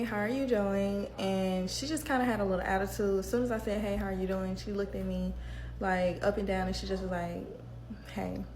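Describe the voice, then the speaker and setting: A young woman hairstylist tells a casual storytime about a client in a slangy, animated, conversational way. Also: mid-range voice.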